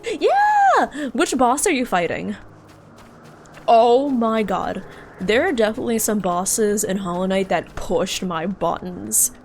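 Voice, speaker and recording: A woman's voice: mid-range voice, very animated, slow, a little hiss or hum. A woman streaming a game live, giggly and playful, chatting with her viewers and practising how to say words. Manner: giggly and playful, chats with viewers and drills pronunciations.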